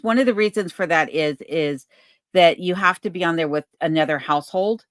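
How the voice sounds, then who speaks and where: This is a channel host, a woman with a lowish voice, answering her viewers' questions on a livestream from her remote Alaskan cabin. She takes her time, reads comments from the chat aloud, and fills her answers with plenty of ums. The sound is clean studio quality without any room sound.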